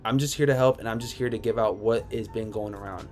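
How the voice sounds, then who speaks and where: A man's voice: lowish voice, fairly even intonation, fast, a little mellow, soft background music. A man hosting a casual livestream, reading viewer comments aloud and answering them in a laid-back, rambling way from home. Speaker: sneaker livestream host. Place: home room.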